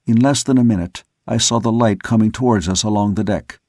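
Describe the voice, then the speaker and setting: A man reading a novel aloud as an audiobook narrator, in a measured, steady storytelling manner. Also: lowish voice, no room sound, clean studio sound. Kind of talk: scripted narration.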